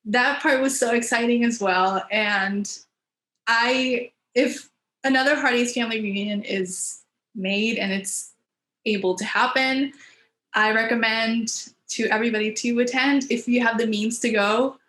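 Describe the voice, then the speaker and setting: A woman's voice: on the high side, steady tone, a little slow, fairly bright tone, roomy sound. A woman guest on a podcast, chatting casually and enthusiastically with plenty of fillers. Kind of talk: casual chat.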